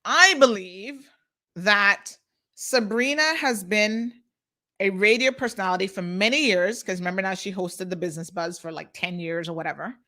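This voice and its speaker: A woman's voice: medium pitch, moderate pace, sharp tone. A woman hosting an unscripted live talk show, speaking outspokenly and emphatically as she addresses viewers directly and reads out their comments.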